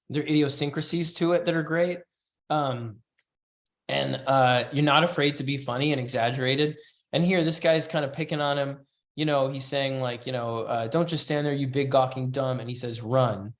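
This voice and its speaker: A man's voice: mid-range voice, moderate pace. A man teaching a comics writing class, talking loosely and reading bits of a script aloud as he critiques it. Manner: loose, chatty, reads comic lines aloud in passing. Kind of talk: casual online class critique.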